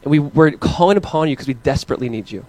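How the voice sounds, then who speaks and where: A man in his thirties preaching a casual, story-driven sermon as pastor, animated and playful as he recounts family moments. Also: rapid-fire. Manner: animated storytelling, acting out his kids in high voices. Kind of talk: conversational sermon.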